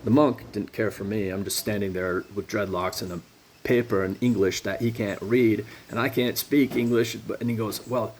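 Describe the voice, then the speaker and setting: A man telling a rambling personal story in a casual, animated way. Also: on the low side, moderate pace, slightly rough. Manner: animated, casual, jumps between thoughts.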